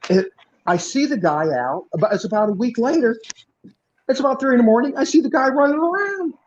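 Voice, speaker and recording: A male podcast host and former police officer telling a story in an animated, punchy way, acting out the dialogue. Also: very high voice, fast talker. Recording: muffled lo-fi recording.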